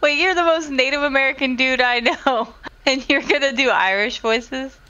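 A woman's voice: high voice, moderate pace, bright, forceful tone, highs cut off, a little hiss or hum. A young woman chatting on a podcast, amused and asking incredulous questions. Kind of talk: casual chat.

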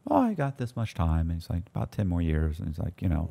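A man's voice: low voice, fairly quick, gravelly. Guy telling prison stories, voice jumps all over, does the voices of the people in them. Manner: animated, acts out quoted voices. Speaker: storyteller guest. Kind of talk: casual storytelling.

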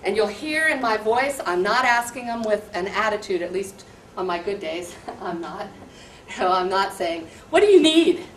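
An American woman, a high school teacher, explaining in an earnest, conversational way how she handles students. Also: normal speed, a bit bright. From USA. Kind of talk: explaining classroom practice to visitors. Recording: echoey room, distant mic, light hum.

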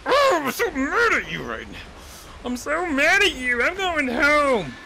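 A shrill, hot-tempered pig monster whines and rages in a high, swooping voice, as a man puts him on. He is petulant and theatrical, every line pushed loud and bright. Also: wildly swooping pitch, slow, slight background noise, heavily acted, poor audio. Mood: furious.

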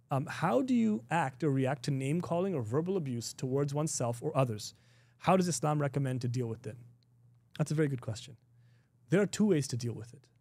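Middle-aged male teacher, relaxed and conversational, slightly high and warm, dry close sound. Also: no room sound. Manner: conversational, laughs often, many restarts and "you know"; acts out quoted exchanges in a raised voice. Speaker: Islamic teacher. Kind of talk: informal recorded class.

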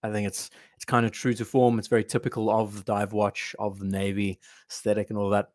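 A man's voice: fairly low pitch, monotone, fairly quick, darkish tone, no room sound. A man hosts a casual livestream about watches, rambling and thinking aloud as he goes. He reads out and answers chat comments between his own remarks. His voice is recorded close and dry, with no room sound around it. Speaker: watch channel host.

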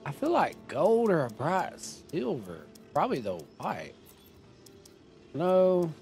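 A man's voice: fairly high pitch, huge pitch swings, slow pace, gravelly, darkish tone, soft background music. A man giving casual commentary while playing a video game, chatty and thinking aloud as he makes up his mind. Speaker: gaming streamer.

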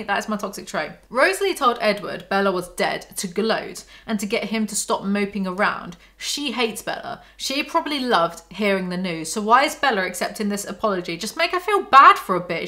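A woman's voice: medium pitch, sharp tone. A woman reviewing a novel, reading passages aloud and breaking off into sarcastic, exasperated commentary. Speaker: book reviewer.

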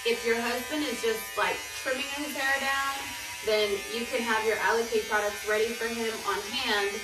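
Woman, chatty vlog host, higher voice, mic at a distance in a noisy room. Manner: chatty, full of "um" and "like" fillers. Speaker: brand co-founder and vlog host. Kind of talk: casual home vlog chat. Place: home room during lockdown. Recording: echoey room, mic at a distance, background noise.

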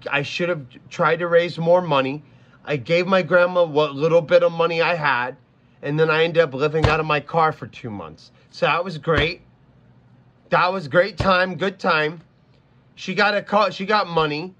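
A man on a livestream talks straight to his chat, his voice sitting a little higher than most. He stumbles and restarts, circling back to the same phrases in a flustered, casual way. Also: fairly bright tone. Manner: flustered, stammering, repeats himself. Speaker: streamer.

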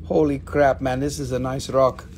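A man hosting a live crystal sale in casual, playful chat. He jokes, gets excited easily and drifts into broken-English sales talk. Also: mid-range voice, normal speed, slight background noise. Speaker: host selling crystals on a live stream.

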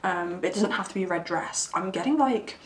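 A woman's voice: on the low side, a little fast. A woman giving a casual tarot reading, chatty and giggly, rambling with plenty of fillers. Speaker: tarot reader. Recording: roomy sound, mic at a distance, faint background hiss.

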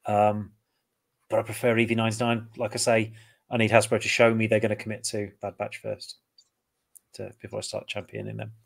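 A man giving his picks in a casual panel chat over a video call, thinking aloud in a measured way. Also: on the low side, monotone, gravelly. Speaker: panel guest.

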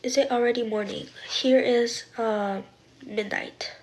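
Slow-talking woman live-streaming. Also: a little high, steady tone. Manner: reads out viewer questions and answers them, drops to soft whispers at times. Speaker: livestream host. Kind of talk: casual live-stream chat answering comments.

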